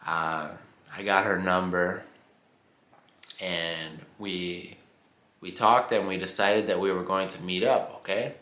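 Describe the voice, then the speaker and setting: An American man teaching English slowly and clearly, repeating phrases and checking in with "okay?" often. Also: sits low, steady tone, pushed and bright. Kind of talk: slow, simplified teaching monologue. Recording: roomy echoing room.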